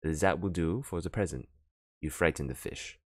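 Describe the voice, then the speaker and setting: A man reading an audiobook, voicing a calm, unbothered police detective who brushes off worries. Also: low voice, normal speed, dry recording. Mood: dismissive. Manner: calm, dismissive, dry. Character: unflappable middle-aged male police detective.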